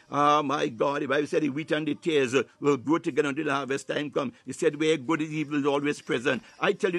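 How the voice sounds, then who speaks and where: A man's voice: fairly high pitch, a bit bright, dry recording. Fervent preacher man speaking in tongues. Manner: preaching with frequent "hallelujah" and "ah, my God" interjections. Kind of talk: sermon.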